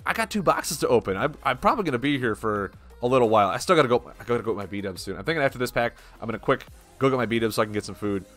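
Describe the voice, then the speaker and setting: A man's voice: mid-range voice, animated, rapid-fire, a bit bright, faint music behind. A young man chatting casually on a live stream as he opens card packs and reads the card names aloud.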